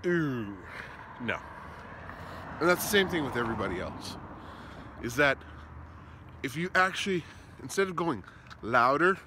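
A man giving casual advice while out on a walk, talking in an animated way that swings between loud emphasis and soft, slow asides. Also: medium pitch. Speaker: vlogger. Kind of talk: walking vlog, casual advice talk. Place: outdoors on a walk, street traffic nearby. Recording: faint outdoor street noise.

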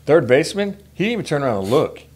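A man in a casual podcast chat, relaxed, chiming in with short replies and his own anecdotes. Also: a little high, very fast, husky.

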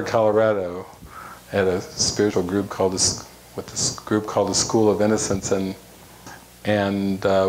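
A man, a spiritual teacher, telling an animated story to a group and acting out both sides of a conversation. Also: on the low side, slight background noise, poor audio. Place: room in a monastery.

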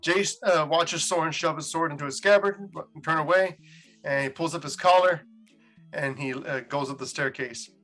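A man hosting, recapping a story in casual chat, animated and quick to laugh. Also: a little high, faint music behind. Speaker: host.

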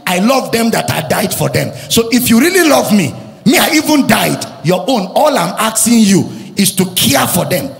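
Man, Nigerian accent, pastor, sermon, high lively voice, gravelly, long hall reverb, soft music behind. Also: normal speed. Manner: impassioned preaching, shouting and chanting at peaks. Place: church hall.

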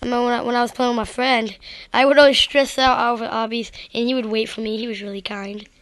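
A woman's voice: on the high side, flat delivery, fast, fairly bright tone, no room sound. A woman giving rambling, self-deprecating gameplay commentary straight to her viewers. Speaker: gaming video creator.

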